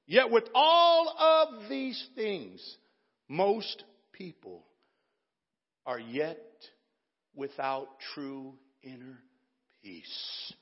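A man's voice: high voice, husky. A man preaching a sermon with impassioned, dramatic delivery, recorded in a church sanctuary with an echoey, dull lo-fi sound.

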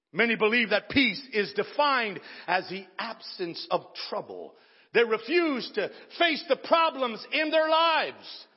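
A man's voice: sits high, slightly rough. A man preaching a sermon with impassioned, dramatic delivery, recorded in a church sanctuary with an echoey, dull lo-fi sound.

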